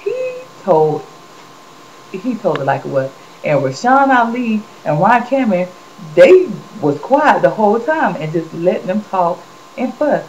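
A woman vlogger chatting casually about celebrity gossip, an animated and expressive storyteller. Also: medium pitch, measured pace. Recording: dull lo-fi recording with faint hiss.

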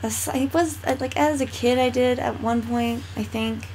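A woman chatting casually beside a friend's gameplay, reading aloud haltingly and stumbling over words. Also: fairly high pitch, fairly even intonation, a little mellow, a little hiss or hum. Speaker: game co-host. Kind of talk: casual chat.

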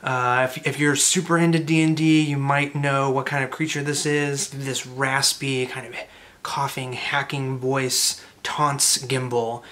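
A man's voice: mid-range voice, flat delivery, measured pace, fairly bright tone. A man casually recapping a tabletop game session in a loose, rambling way with lots of filler words. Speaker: storyteller recapping a tabletop campaign.

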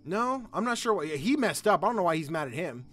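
A man hosting a gaming channel, thinking out loud in goofy, excitable let's play commentary. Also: high voice, brisk, soft background music.

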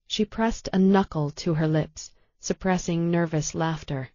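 A woman narrating an audiobook in a calm, measured way. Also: low voice, dry recording, lo-fi sound. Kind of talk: scripted narration.

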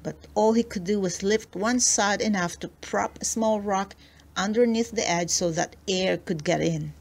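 A woman narrating a children's storybook aloud, slow and expressive. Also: medium pitch, creaky. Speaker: storybook reader.

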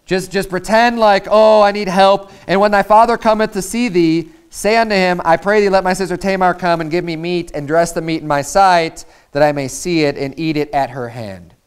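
A preacher playing an eager scheming friend. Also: male voice, sits high, steady tone, normal speed, few pauses, smooth, natural voice.

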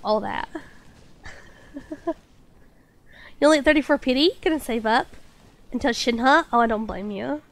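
Bubbly high-voiced woman with a stuffy cold. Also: unhurried, long pauses. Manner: chatty, bubbly, reads chat aloud. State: recovering from a cold, slight cough, stuffy nose. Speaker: game streamer. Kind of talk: casual live-stream chat.

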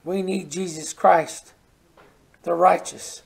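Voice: mid-range voice, measured pace, gravelly, long pauses. A preacher giving a folksy sermon and reading scripture, often repeating words for emphasis.

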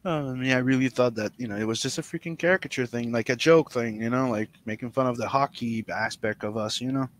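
A man from Canada hosting a casual podcast chat, animated and profane, often stammering and restarting his sentences. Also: medium pitch, fast talker, hardly any pauses. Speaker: podcast host.

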